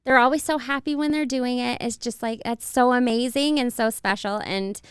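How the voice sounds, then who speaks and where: A woman's voice: fairly high pitch, steady tone, normal speed, clean tone, no echo, clean studio sound. A young woman, a family photographer, chatting in an interview, fond and laughing often as she talks about children. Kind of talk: casual interview chat.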